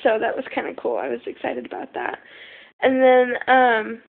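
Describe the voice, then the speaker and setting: A woman's voice: a little high, level tone, moderate pace, gravelly, phone-quality sound. A young woman telling a rambling story in casual talk, full of fillers and the odd swear word, recorded on a phone. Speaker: vlogger.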